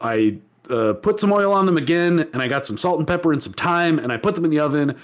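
A man chatting on a casual podcast, his voice sitting a little high. He rambles, restarts and laughs at himself as he talks. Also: animated, quick pace. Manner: rambling, laughs often, self-deprecating. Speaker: podcast co-host. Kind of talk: casual chat.

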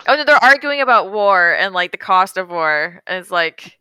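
A woman co-hosting a casual chat about an animated film, easygoing and agreeable. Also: medium pitch, normal speed, clear, resonant tone, dry recording, clean studio sound. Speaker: podcast co-host.

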